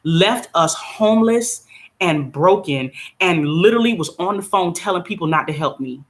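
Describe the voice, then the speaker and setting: A woman's voice: lowish voice, normal speed. A middle-aged woman, venting bluntly in a casual vlog and touring her small apartment on a phone camera. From United States. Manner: venting, blunt, animated, laughs often. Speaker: vlogger. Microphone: phone camera held by speaker.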